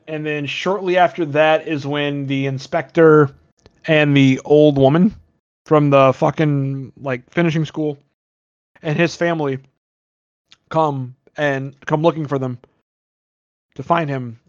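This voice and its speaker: A man's voice: a little high, steady tone, measured pace. Man recapping a movie with dull lo-fi sound. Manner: rambling, profane, joking, acts out characters. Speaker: podcast co-host.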